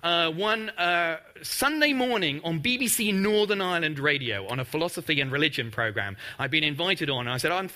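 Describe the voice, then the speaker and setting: A man's voice: fairly high pitch, animated, brisk, few pauses, sharp tone. A man who is a mathematics professor giving a public lecture with slides, chatty and wry, with frequent ums and uhs. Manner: wry, self-deprecating humour.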